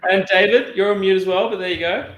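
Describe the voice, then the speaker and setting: A man's voice: high-pitched, steady tone, quick pace, fairly bright tone, echoey room. A man hosting a rum tasting over a video call, chatty and friendly, with many restarts. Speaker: host.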